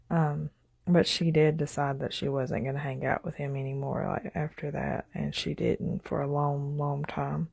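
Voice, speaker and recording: A woman's voice: low-pitched, level tone, unhurried, vocal fry, breathy edge, no echo. A woman telling a story in a loose, rambling way, full of "like" and "you know" and laughing as she goes. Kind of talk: casual spoken storytelling.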